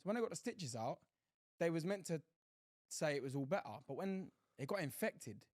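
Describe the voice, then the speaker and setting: A man's voice: on the high side, moderate pace, no room sound, clean studio sound. A young man, telling stories in a casual podcast chat, full of slang and swearing. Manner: animated storytelling with slang and swearing. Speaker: podcast co-host.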